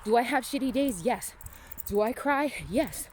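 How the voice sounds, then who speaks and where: Frank, emphatic woman with a higher voice. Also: a little slow, a little hiss or hum. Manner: frank and emphatic, swears freely, asks "right?" often. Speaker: motivational vlogger. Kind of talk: candid motivational monologue.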